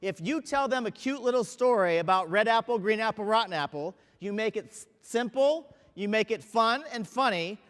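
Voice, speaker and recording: Male sales trainer with a very high voice, emphatic, quizzing the audience, reverberant hall. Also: lively intonation, moderate pace, few pauses, a bit bright. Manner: emphatic, asks the audience questions. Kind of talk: motivational training talk.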